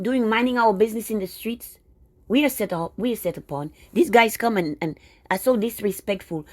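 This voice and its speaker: A woman vents to her viewers in a loose, conversational monologue. She is indignant and sarcastic, tossing off asides and mocking retorts. Her voice sits at an ordinary middle pitch, recorded close and dry. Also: dry recording. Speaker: video blogger. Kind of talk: casual ranting monologue.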